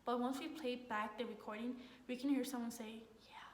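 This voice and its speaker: A woman's voice: on the high side, fairly quick. A young woman, a college student, telling a story in a casual, rambling way with lots of "like". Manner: rambling, heavy use of "like", excited retelling. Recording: echoey room, faint noise.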